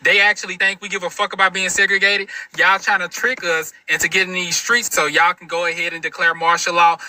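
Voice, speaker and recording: A man rants in a defiant, profanity-heavy, emphatic manner. His voice sits very high and sounds piercingly bright. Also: little pitch movement, fairly quick, a little hiss or hum, poor audio. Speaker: social media commentator. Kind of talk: ranting to camera.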